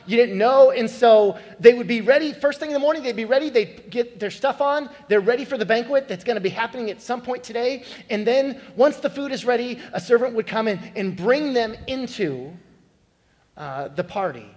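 A man's voice: very high voice, animated, fairly quick, a little mellow. A man preaching a sermon, explaining scripture and telling a joke, acting out its voices as a storyteller. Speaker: pastor. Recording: echoey hall with long reverb.

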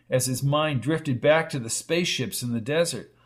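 A man narrating a dramatic science fiction audiobook in a measured reading. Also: mid-range voice. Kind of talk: scripted narration.

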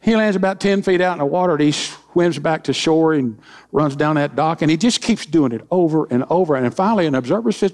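A man's voice: fairly high pitch, lively intonation, a little fast, a little mellow. A middle-aged man preaching as senior pastor, in a folksy way with joking asides and acted-out quotes. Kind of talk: sermon with humorous stories.

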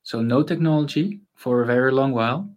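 Relaxed man musing with many fillers. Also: medium pitch, a little fast. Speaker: guest, consultant on mental space. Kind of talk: casual interview conversation.

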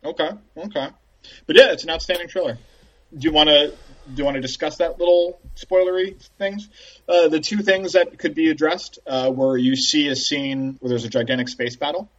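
A man chats casually on a podcast, his voice slightly husky and breathy. He retells scenes with animation, putting on little voices for the characters. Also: a little high, steady tone, moderate pace, recorded from a distance, lo-fi sound. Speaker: podcast co-host. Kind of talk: casual chat.

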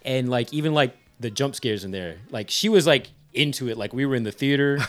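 Fast-talking man in casual chat. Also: medium pitch, animated. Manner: rambling storytelling with frequent "like" and quoted asides. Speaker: podcast co-host.

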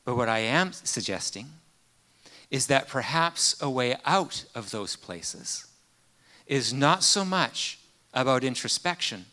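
Bright-voiced man preaching a sermon. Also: medium pitch. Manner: earnest, storytelling, many fillers.

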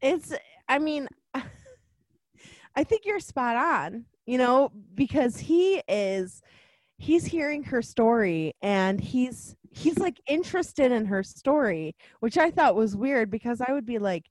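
A woman's voice: fairly high pitch, slow, no echo, studio quality. A woman in casual chat, playful, acting out quotes with laughter. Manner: laughing, playful, expressive quoting.

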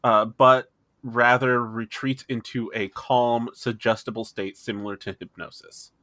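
A man playing a tabletop game, animated and laughing as he talks. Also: mid-range voice, a little slow. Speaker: player. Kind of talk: casual tabletop game play.

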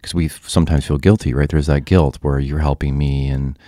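A man hosting a conversation, speaking calmly and reflectively. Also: very deep voice, moderate pace, dry recording, clean studio sound. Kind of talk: conversational interview.

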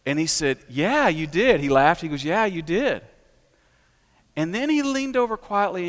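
High-voiced pastor preaching in a reverberant church. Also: male voice, lively intonation, normal speed, fairly bright tone. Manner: storytelling, builds to emphatic peaks. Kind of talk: sermon. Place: church sanctuary. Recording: long hall reverb.

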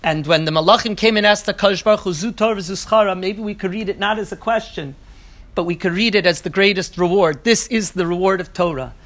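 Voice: mid-range voice, fast, fairly bright tone. Earnest teacher translating text line by line. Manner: reads each passage aloud in the original, then translates it phrase by phrase; earnest, builds up restated phrases. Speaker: Torah teacher. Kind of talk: evening Talmud lecture.

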